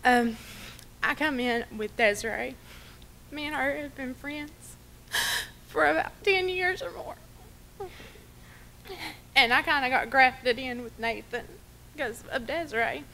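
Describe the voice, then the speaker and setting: Woman sharing memories at a memorial, choked up, high voice, rambly storytelling. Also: gravelly, bright, forceful tone, slight background noise. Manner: rambling, storytelling, quick to laugh. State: fighting back tears. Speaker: speaker at a memorial service. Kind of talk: personal remembrance speech.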